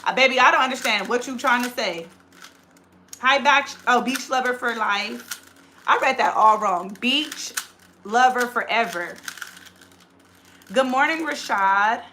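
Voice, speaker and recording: Fast-talking woman with a bright voice. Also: fairly high pitch, slight background noise. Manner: very fast, rapid-fire talker. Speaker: livestream host. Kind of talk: casual livestream chat reading comments.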